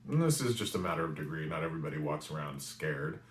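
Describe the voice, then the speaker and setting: A man in his forties from New England, with a very low voice, tells a story in an animated way. He often pauses to ask "right?" The recording sounds roomy and echoey. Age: 40s. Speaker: spiritual reader and weekly message host. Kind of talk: storytelling monologue. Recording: roomy echo.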